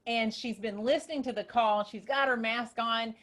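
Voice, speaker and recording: A woman hosting a casual group call, telling a story in an excited, rambling way. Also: a little high, moderate pace. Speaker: host. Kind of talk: casual chat.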